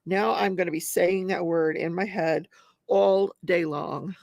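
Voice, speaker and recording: A woman in her forties hosts a live crafting stream in an easygoing, unhurried way. Her voice has a gravelly edge. She chats with viewers, reads their comments aloud and laughs often, and the sound is dry and close. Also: on the low side, fairly even intonation, a little mellow, no room sound, muffled recording. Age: 40s. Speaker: host of a live crafting show. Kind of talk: casual live-stream chat while crafting.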